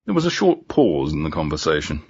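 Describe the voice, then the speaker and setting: A man narrating a graded-reader story in a clear, measured way. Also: rumbling low, huge pitch swings. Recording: dull lo-fi audio.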